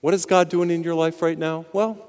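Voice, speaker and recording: A man's voice: on the high side, smooth. Preaching man in a reverberant church. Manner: animated preaching, slows for emphasis. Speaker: priest. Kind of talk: sermon with told jokes. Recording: long hall reverb.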